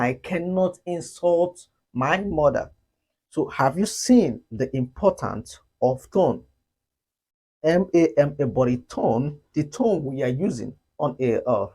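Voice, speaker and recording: A man teaching a beginner Mandarin lesson, slowly demonstrating each tone with drawn-out syllables. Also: on the high side, a little mellow. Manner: slow, deliberate, demonstrates tones with drawn-out sung syllables.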